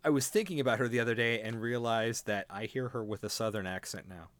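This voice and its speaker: A man's voice: mid-range voice, fast talker, fairly bright tone, no room sound. A man co-hosting a podcast in casual chat, playful and teasing, and he rambles when he tells a story. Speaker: podcast co-host.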